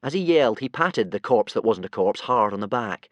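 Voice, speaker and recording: A man reading a children's audiobook aloud with lively, expressive narration. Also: on the low side, fairly quick, no echo, muffled recording. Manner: lively, voices many characters.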